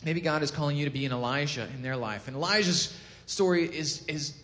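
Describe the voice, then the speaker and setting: Man preaching casually in a reverberant hall. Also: a little fast. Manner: animated storytelling, acts out quotes with rising pitch and volume; self-corrects, chuckles at own jokes. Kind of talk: casual sermon.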